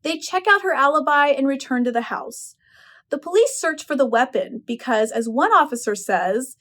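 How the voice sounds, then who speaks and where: High-voiced woman explaining a story. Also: normal speed. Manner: expressive, opinionated retelling. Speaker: English professor. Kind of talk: literary analysis lecture.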